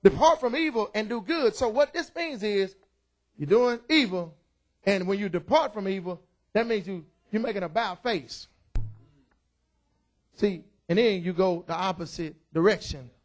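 A middle-aged man preaching a loud, excited sermon in church, calling out to the congregation. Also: high-pitched, moderate pace. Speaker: pastor. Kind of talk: energetic sermon.

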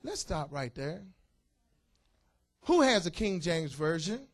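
Taking his time, a man with a slightly high voice preaches as pastor in a church. The sermon is lively and full of jokes, with frequent call-outs to his congregation.

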